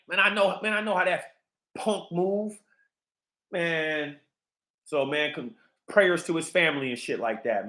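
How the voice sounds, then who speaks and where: A man's voice: sits high, sharp tone, reverberant. A man hosting a livestream, ranting in a heated, profane, repetitive way. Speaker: livestream host.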